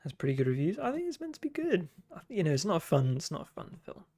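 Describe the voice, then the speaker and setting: A man's voice: on the high side, huge pitch swings, fast talker, mellow. A young man streaming, chatting casually while he draws, with dry self-deprecating humor. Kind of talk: casual chat while drawing.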